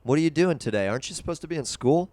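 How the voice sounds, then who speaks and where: A man's voice: on the high side, expressive, very fast, darkish tone, no echo. Sarcastic man hosting a call-in stream. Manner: sarcastic, dry teasing. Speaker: livestream host taking calls. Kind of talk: live call-in chat.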